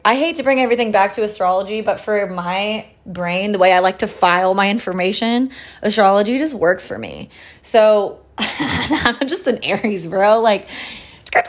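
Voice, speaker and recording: Profane, chatty woman in her late twenties. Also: mid-range voice. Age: late 20s. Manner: loose, profane and chatty, with frequent fillers; relaxed, sipping tea and smoking between thoughts. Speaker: podcast host. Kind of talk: casual solo chat.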